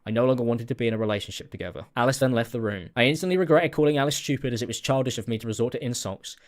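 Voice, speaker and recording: Man reading a statement very fast. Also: medium pitch.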